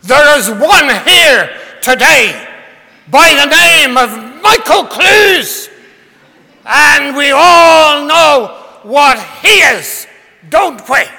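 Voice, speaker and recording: A man's voice: extremely high pitch, animated, extremely slow, creaky, sharp tone, pitched above the performer's own voice, exaggerated voice. A man impersonating a thundering older male preacher, denouncing someone from the pulpit. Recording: long hall reverb.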